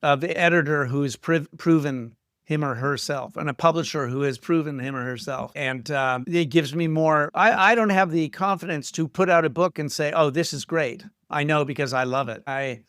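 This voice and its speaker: A middle-aged man from Canada telling stories as an interview guest, self-deprecating and lively when quoting others. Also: a little high, normal speed, smooth, no room sound, clean studio sound. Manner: self-deprecating, animated retelling of quotes. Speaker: guest screenwriter. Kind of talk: casual interview storytelling.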